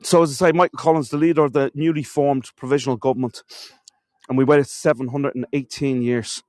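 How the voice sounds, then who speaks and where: Irish male tour guide, mid-pitched, chatty storyteller, dry close sound. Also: steady tone, brisk, a little mellow, no room sound. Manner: chatty storyteller, addresses viewers as folks. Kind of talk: live walking-tour stream. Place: castle courtyard outdoors.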